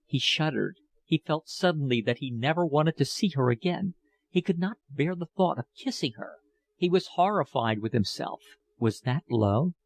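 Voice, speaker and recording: Reading a classic novel aloud, this audiobook narrator has a voice on the high side and a measured, expressive delivery. The recording has no room sound.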